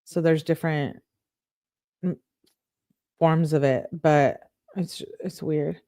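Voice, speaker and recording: A woman with a fairly low voice reads a string of text messages aloud, stopping often to react in her own words. The sound is close and dry, with no room behind her. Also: fairly even intonation, mellow, no room sound. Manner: reads quotes then breaks in with quick reactions. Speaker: online true-crime show host. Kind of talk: reading text messages aloud with live commentary.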